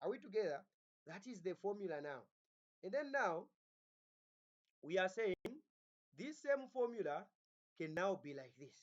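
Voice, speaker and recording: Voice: medium pitch, sing-song, normal speed, long pauses. A teacher giving a recorded phonology lecture, often asking the class "what?" and repeating words while restarting sentences. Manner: keeps asking the class "what?" and "Are we together?". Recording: dull lo-fi recording.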